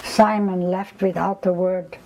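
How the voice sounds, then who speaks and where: A woman's voice: on the low side, measured pace, poor audio. An older woman, recounting memories in an oral history interview and acting out the people she quotes. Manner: animated storytelling, acts out quoted voices.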